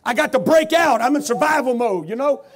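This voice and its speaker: A man preaching at a revival, telling his own story. His voice sits very high, and he climbs from low, quiet narration into loud shouted scripture. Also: expressive, brisk, breathy edge. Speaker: preacher giving testimony. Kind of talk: revival sermon testimony.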